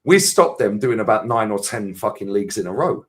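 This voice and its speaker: A man's voice: fairly low pitch, expressive. Ranting, sweary London man. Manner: ranting, sweary, fast-flowing. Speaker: panelist. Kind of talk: casual football chat.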